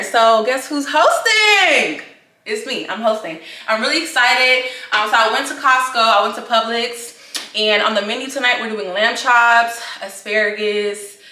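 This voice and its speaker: A young woman vlogger talks to her viewers in a chatty, animated way. Her voice is bright and fairly high. The room sounds echoey. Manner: chatty and animated, addresses viewers as girl and y'all. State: out of breath. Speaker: lifestyle vlogger. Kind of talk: casual vlog chat to camera.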